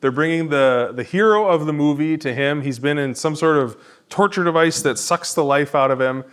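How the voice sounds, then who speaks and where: A man's voice: fairly high pitch, normal speed, fairly bright tone, clear, resonant tone. A man, a pastor, teaching an adult education class in a church classroom in a conversational, self-deprecating way.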